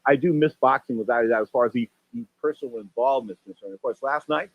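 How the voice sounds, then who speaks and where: A man in his sixties hosting a boxing radio talk show, rambling through stories and jumping up in pitch for exclamations and acted-out quotes. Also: fast, no room sound, narrow, tinny audio. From San Francisco Bay Area. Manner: animated storyteller, voice jumps up for exclamations and acted quotes.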